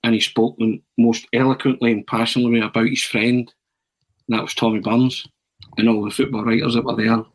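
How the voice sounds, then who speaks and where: A man's voice: mid-range voice, brisk, low-quality recording. Man telling a long anecdote. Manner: animated storyteller, frequent restarts and "eh". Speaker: podcast pundit.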